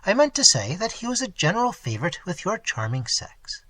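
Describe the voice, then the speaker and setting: A comfortable, slightly pompous English husband, voiced by a male reader. He talks in an earnest, self-satisfied way, with a lively, swooping pitch and a husky, dry tone. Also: brisk, dry recording, heavily acted. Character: respectable, comfortable middle-aged English husband.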